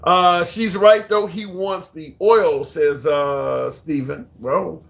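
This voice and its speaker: A man hosting a live stream, calmly arguing with a caller and reading out viewer comments. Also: on the high side, slow pace, creaky. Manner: calm, reads viewer comments. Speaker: host.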